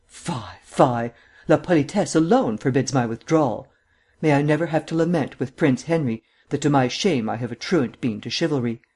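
A man reading an urbane, witty gentleman detective who drawls and lectures in ornate, mocking sentences. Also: mid-range voice, moderate pace, slightly rough, lightly acted. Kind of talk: audiobook reading.

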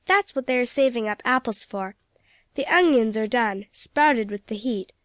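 A woman's voice: a little high, lively intonation, moderate pace, a bit bright, no room sound. Storybook ship's cat, knowing and impatient, read by a woman, dry close sound. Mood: scolding. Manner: scolding, impatient.

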